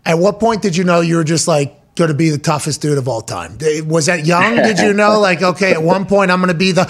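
High-voiced hype sports show host. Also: male voice, fairly quick. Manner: loud, hype, lots of laughing. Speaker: podcast host. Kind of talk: casual sports chat.

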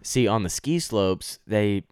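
A man with a Texan accent spins a rambling anecdote on a podcast. His voice sits low and sounds smooth and clean. The room is dead dry, with no echo at all. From Texas. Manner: animated storyteller, drawn-out anecdotes with restarts. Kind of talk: casual podcast chat, storytelling.

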